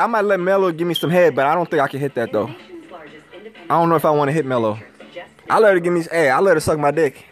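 Young man rambling on a livestream. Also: sits high. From Minnesota. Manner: slangy, swearing, rambling, repeating himself. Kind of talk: casual livestream chat with viewers. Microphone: phone camera. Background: faint TV audio.

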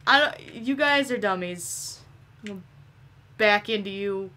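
A young woman giving casual, excitable gameplay commentary, swearing and laughing often. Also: medium pitch, slow pace, long pauses. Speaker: gameplay video creator.

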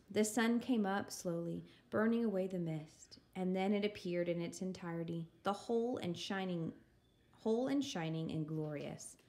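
A woman reading a children's chapter book aloud in a calm, measured storytelling manner. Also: on the low side. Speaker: story reader.

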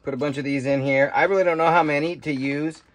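He talks fast in a slightly high, fairly even voice, with no room sound. A homesteading vlogger, he walks through harvesting and preparing berries in a casual how-to, folksy and rambling, full of fillers and asides as he thinks out loud. It starts outside near trees and ends up in a kitchen.

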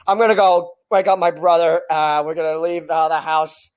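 A young man hosts a reaction video from home, talking straight into his webcam. His voice sits high, and he is overwhelmed, yelling and repeating the same exclamations. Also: flat delivery, normal speed. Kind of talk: excited reaction commentary.

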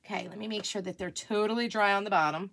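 A woman chatting casually in a craft vlog at home, gushing and excitable as she works. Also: medium pitch, quick pace, noisy background. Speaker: craft vlogger.

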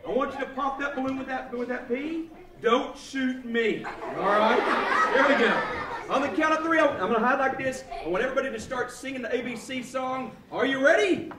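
A man's voice: extremely high pitch, fairly quick. A man performing as a children's entertainer at a live library show, playfully clowning and throwing questions out to the audience. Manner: playful, clowning, mock-silly with the kids. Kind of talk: live kids' show patter. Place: library event room, indoors. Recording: echoey hall, recorded from far off. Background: loud noisy children's crowd.

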